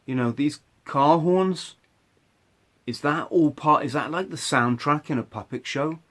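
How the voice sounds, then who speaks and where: A man's voice: fairly high pitch, measured pace, a bit bright. A man hosting a podcast, telling a personal story conversationally, with restarts and frequent "right?" asides. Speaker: podcast host.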